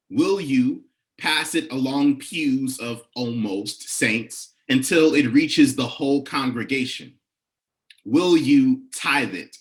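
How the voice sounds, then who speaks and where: Young man, African American English accent, spoken word poet, rhythmic incantatory delivery, hesitant between pieces. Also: mid-range voice. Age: young adult. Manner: soft, halting talk between poems with many fillers. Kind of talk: spoken word poetry performance.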